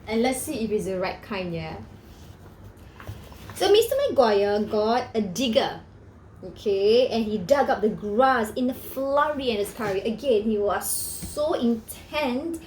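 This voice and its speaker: Animated woman reading a storybook. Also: a little high, unhurried, roomy sound, slight background noise. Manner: animated, asks listeners questions. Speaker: storyteller for children. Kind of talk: reading a picture book aloud.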